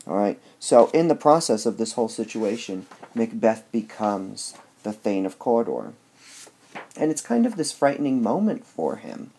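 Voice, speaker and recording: Fairly low and dark in tone, this man's voice carries a casual lecture reviewing a play. He moves through it step by step, using filler words and often saying "all right".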